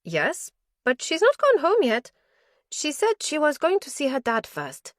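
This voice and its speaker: A brisk young nurse with a bright, high-pitched voice, as a woman narrator puts her on. She answers questions quickly and helpfully from behind a station desk. The audiobook recording is close and dry. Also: huge pitch swings, dry recording, full character voice.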